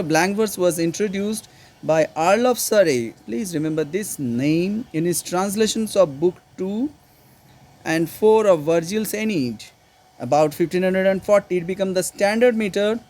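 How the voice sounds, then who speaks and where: A man teaching poetry in an informal lecture, halting often, correcting himself and explaining terms from a textbook. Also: high voice, a little mellow. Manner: halting, with fillers and self-corrections. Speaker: literature teacher.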